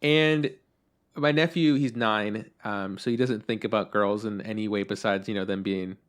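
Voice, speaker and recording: A man's voice: on the low side, steady tone, normal speed. Rambling casual male podcast co-host. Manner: rambling, lots of "like" and swearing. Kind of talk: casual anime podcast chat.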